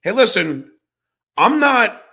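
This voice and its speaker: A man with a gravelly, husky voice and a bright edge talks hesitantly, thinking aloud in casual, profane chat. His pitch moves a lot as he speaks. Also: very animated, takes it slowly. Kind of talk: casual crude banter.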